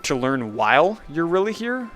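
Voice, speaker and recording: A man reading a game character's lines in a put-on old man voice, slow and drawn out. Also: fairly high pitch, very animated, fairly bright tone, soft background music. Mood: bossy. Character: fussy old male game shopkeeper.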